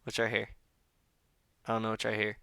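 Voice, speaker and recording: A man's voice: on the low side, completely flat delivery, fairly quick, creaky, sharp tone, smooth, no room sound. A man hosting a reaction video, commenting casually while he watches, joking and laughing often as he talks to himself.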